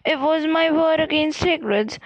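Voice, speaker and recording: A woman voicing a calm, manipulative young male wizard in a storybook reading, speaking softly and slowly with quiet menace. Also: high-pitched, no echo, dull audio, voice pushed up, close to an everyday voice. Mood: calm menacing. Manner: soft, calm, slow and pleasant with menace.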